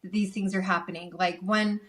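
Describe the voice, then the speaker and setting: A woman guest chatting on a casual podcast at a middle pitch. She retells a story in an animated, gushing way, piling on little details with a lot of enthusiasm. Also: a little fast.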